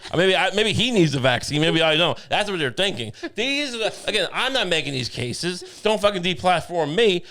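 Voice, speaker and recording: A man's voice: high voice, sing-song, fairly quick, hardly any pauses, bright, forceful tone. A man co-hosting a comedy podcast, riffing in a rambling, profane way with absurd jokes. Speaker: podcast co-host. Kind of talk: casual comedic podcast banter.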